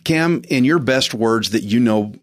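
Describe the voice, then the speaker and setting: A man's voice: medium pitch, measured pace. A man hosting a faith program, preaching in an earnest, urging way and repeating his phrases. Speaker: host, preacher. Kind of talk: sermon-style radio devotional.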